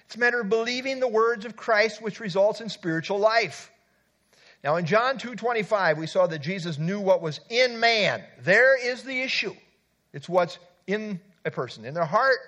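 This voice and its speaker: A man preaching a conversational sermon as a pastor, reading verses and adding lively asides. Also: high voice.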